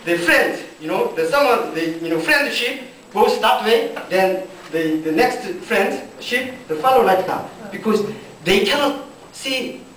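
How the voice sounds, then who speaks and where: Male pastor, slow deliberate English sermon; animated delivery, heard from afar in a roomy hall. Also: high-pitched, slight background noise. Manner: slow deliberate non-native English with many fillers and restarts. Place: church hall. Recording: echoey church hall from far off.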